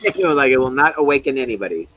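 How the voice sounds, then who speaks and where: A man hosting a livestream, chatting casually in a relaxed way and chuckling as he talks. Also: medium pitch, rapid-fire, dry recording, rough recording. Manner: relaxed, chuckles while talking. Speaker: livestream host. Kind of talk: casual chat.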